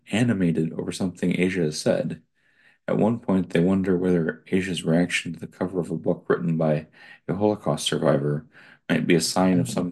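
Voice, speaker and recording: Deep husky man reading aloud. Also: a little mellow. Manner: digressive, pausing to add his own comments. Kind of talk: reading an article aloud with personal asides.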